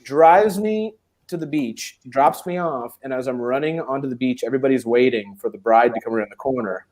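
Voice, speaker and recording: A man's voice: medium pitch, fairly quick. A man casually telling a long funny story on a chat stream, acting out the other people's lines. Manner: animated, acts out quoted voices. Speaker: co-host.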